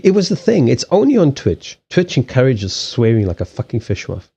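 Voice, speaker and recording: A man streams live from a desk in a small home, where he reads cards and chats casually, rambling through restarts and swearing freely. His medium-pitched voice swings widely in pitch at a moderate pace, creaky and warm with a breathy edge. The desk microphone on a stand leaves the audio dull.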